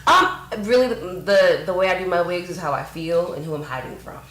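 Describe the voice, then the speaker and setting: A woman's voice: fairly low pitch, expressive, fairly quick, fairly bright tone, echoey room, low-quality recording. A woman co-hosting a radio chat, telling self-mocking stories in a jokey way. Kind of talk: casual chat.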